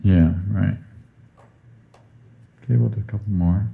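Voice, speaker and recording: Male host, very low voice, unhurried reader, phone-quality sound. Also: steady tone, vocal fry. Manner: unhurried, reads passages aloud slowly. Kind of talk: spiritual conversation. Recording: tinny phone-like line.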